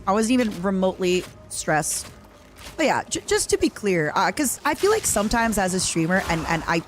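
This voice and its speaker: A young woman with a mid-range voice chats in a loose, rambling way as she plays a video game on stream, reading out and answering viewers' messages. Slight background noise is audible.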